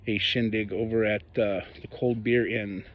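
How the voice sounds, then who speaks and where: A man's voice: on the low side, steady tone, moderate pace, lo-fi sound. A man from northern New Mexico giving an angry personal monologue about local politics, ranting and mocking the people he talks about. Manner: heated, ranting, mocking voices of others.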